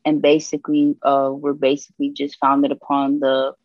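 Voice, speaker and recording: A woman from Puerto Rico, a gospel rapper sharing her testimony as an interview guest, telling stories in lively slang and acting out the people she quotes. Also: low voice, normal speed, no room sound, highs cut off. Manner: animated storytelling with slang and voiced quotes. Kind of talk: candid conversational testimony.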